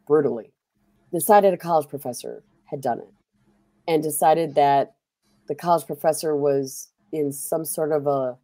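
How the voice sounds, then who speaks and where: Woman host, deep and dry, rambling storyteller. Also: mellow, no room sound. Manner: chatty, rambling storytelling with fillers. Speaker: streamer host. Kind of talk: casual chat while playing a game.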